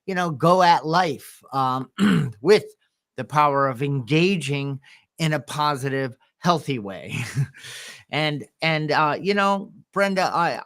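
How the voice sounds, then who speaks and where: Halting, storytelling male podcast co-host. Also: on the high side, animated, a bit bright. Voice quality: visually impaired speaker. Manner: halting, restarts and throat clearing. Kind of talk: casual storytelling chat.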